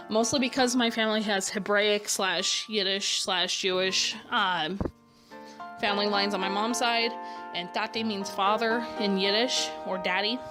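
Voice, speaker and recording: A woman's voice: medium pitch, steady tone, measured pace. A young woman talking in a candid, rambling way in a casual voice-over, often trailing off and correcting herself. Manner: candid and rambling, with frequent fillers and self-corrections. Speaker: vlogger answering a tag. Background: clear background music.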